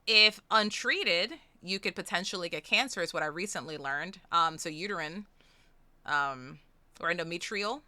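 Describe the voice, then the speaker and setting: Young woman, streamer, very bright tone, dry close sound, casual excitable chat, swears freely. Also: medium pitch, clear, resonant tone, no room sound. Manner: excitable, swears freely, swings from chatty to squealing. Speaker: streamer hosting a charity stream.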